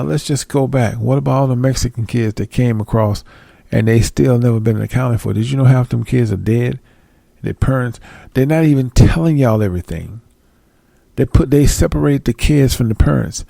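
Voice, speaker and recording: A man's voice: medium pitch, creaky, warm tone, no room sound, studio quality. A man, delivering a heated, profane monologue full of blunt rhetorical questions. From United States.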